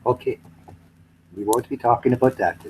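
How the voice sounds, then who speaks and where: A man's voice: medium pitch, steady tone, a little mellow, a little hiss or hum, poor audio. Rambling Canadian man in casual chat. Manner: rambling, swearing, quick to tease. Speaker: chat participant.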